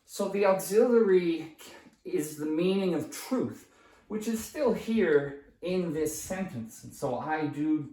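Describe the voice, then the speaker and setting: A man with a slightly raised voice walks through a grammar lesson at a whiteboard, steady and patient, pausing to ask "right?" and fixing his own words as he writes. His voice is caught from across an echoing room by a distant camera mic. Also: a little high. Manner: patient explaining, frequent checking "right?" and "okay?"; restarts and self-corrections while writing. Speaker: English teacher.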